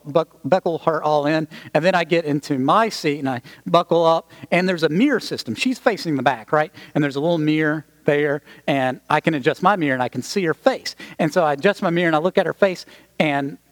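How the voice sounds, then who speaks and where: A man preaching a sermon, telling a personal story in a conversational, animated way with asides to the congregation. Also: a little high.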